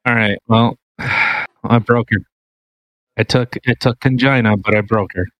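A man on a podcast mic, chatting casually as a co-host, loose and profane as he reads through a news story. His voice sits at an ordinary middle pitch and the sound is dry and close, with no room around it. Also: fairly even intonation, a little slow, a bit bright, no room sound, low-quality recording. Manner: swears freely, laughs while reading a news article.

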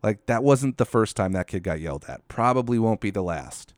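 A man's voice: fairly low pitch, lively intonation, brisk, dry recording, clean studio sound. Profane sardonic man ranting. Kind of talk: solo commentary rant.

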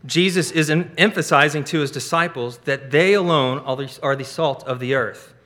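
Emphatic pastor with a bright voice. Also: male voice, on the high side, normal speed. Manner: emphatic preaching with rising stresses. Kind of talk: sermon.

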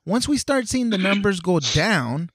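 A man's voice: sits high, very animated, measured pace, a bit bright, breathy edge, no room sound, studio quality. A man co-hosting a podcast, chatting casually with many hesitations and restarts. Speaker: podcast co-host. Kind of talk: casual chat.

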